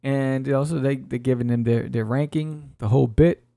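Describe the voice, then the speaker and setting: Gravelly, laid-back male podcast host. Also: medium pitch, steady tone, normal speed, mellow. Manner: laid-back, joking, slangy. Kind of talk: casual comic read-through.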